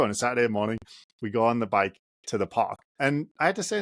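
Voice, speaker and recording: A man with a mid-range voice talks through a solo podcast in a sincere, reflective way. He builds his points in short, measured phrases. The sound is close and very dry. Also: medium pitch, expressive, no room sound. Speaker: podcast host and running coach.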